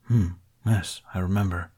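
A man voicing a middle-aged male Jedi master, gentle and dryly witty. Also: deep voice, fairly even intonation, husky. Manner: gentle, wry, measured.

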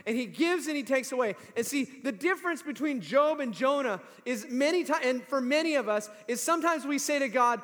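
Man preaching in a high voice. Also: fairly quick. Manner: conversational, animated, emphatic. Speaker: pastor. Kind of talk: sermon. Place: large hall or church. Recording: long reverb of a big hall.

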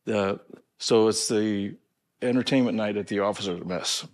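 A man who is an archbishop, a podcast guest chatting casually about faith and telling anecdotes with chuckles and halting restarts. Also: on the low side. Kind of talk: casual spiritual chat and anecdotes.

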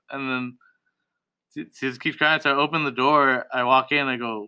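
A man's voice: medium pitch, steady tone, moderate pace, sharp tone, clean tone. A young man, a tattoo artist guest, telling stories in a casual, profane, laid-back way with lots of laughter. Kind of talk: casual podcast storytelling.

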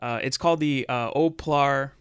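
A man's voice: medium pitch, normal speed, fairly bright tone, smooth, no room sound, studio quality. A man co-hosting a podcast in casual chat, laid-back and joking, talking with fillers. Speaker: podcast co-host.

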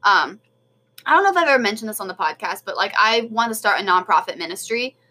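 A young woman co-hosting a podcast, telling a story in animated casual chat with many fillers. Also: medium pitch, fast, slightly rough. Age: young adult. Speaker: podcast co-host.

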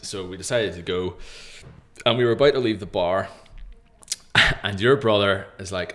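A young man with a fairly low voice chats as a podcast guest. He tells stories with energy and often slips into other people's voices to act out what they said. The delivery is loose and conversational. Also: measured pace, long pauses. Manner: animated storyteller, often acting out other people's lines. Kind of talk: casual podcast chat.

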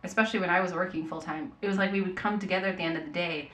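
A woman's voice: on the low side, very fast, roomy sound. A woman in her thirties, a podcast guest telling stories in casual chat and acting out what people said. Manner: animated storytelling, acts out quotes.

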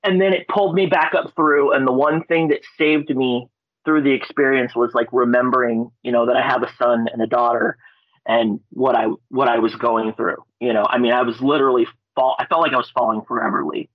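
A man from Alaska, a guest on a podcast, telling a story in a rambling, excitable way, swearing and restarting his words. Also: mid-range voice, brisk, no echo. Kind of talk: casual storytelling. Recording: dry, dull lo-fi audio.

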